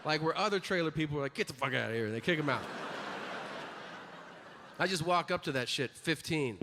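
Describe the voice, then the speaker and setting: A man performing stand-up on stage, his voice sitting a bit high for a man. He tells crude stories with a wry edge and slips into acted quotes. The live audience noise comes through clearly behind him. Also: animated, moderate pace. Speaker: stand-up comedian. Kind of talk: stand-up comedy routine.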